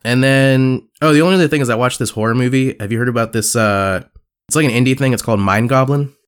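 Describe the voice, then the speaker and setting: A young man co-hosting a casual podcast, telling stories and putting on squeaky voices for the people he quotes. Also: fast talker, clean tone. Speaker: podcast co-host. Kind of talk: casual chat.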